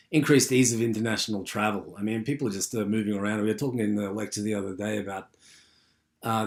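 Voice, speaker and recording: A man giving an unscripted university lecture, rambling with many fillers and restarts. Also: fairly low pitch.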